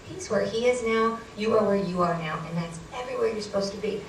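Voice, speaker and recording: A woman doing a calm, soothing psychic. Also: mid-range voice, fast talker, vocal fry, a little hiss or hum, close to an everyday voice. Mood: reassuring. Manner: calm, reassuring, coaching. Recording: roomy hall, distant mic, faint ambience.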